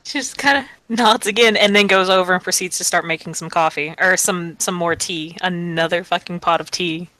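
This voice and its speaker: A woman's voice: fairly quick, hardly any pauses, sharp tone, rough recording. A woman running a casual tabletop role-playing game as game master, narrating her characters and laughing often. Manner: giggly, breaks into high laughs, narrates in third person.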